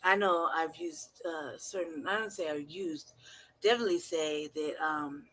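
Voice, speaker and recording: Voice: mid-range voice, a little slow, bright, forceful tone, slight background noise. A channel host reacting to a clip in casual commentary, laughing often, swearing freely and rambling.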